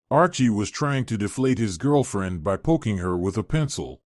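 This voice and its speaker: A man reads a scripted story in a steady, storytelling way. His pitch moves a lot as he goes. The recording is dry and close. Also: moderate pace, few pauses, no echo.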